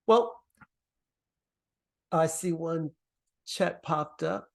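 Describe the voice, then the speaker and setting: Guy from the caribbean teaching a video call workshop, kinda high voice, earnest and encouraging. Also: drawn-out words, gravelly. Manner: earnest, encouraging, lively pitch swings. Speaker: workshop presenter.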